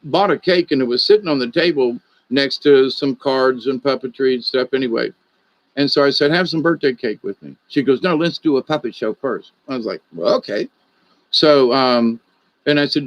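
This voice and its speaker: A man's voice: medium pitch, no room sound, muffled recording. A man, a puppeteer and storyteller, telling an anecdote in a casual, rambling way, with many restarts and quoted dialogue.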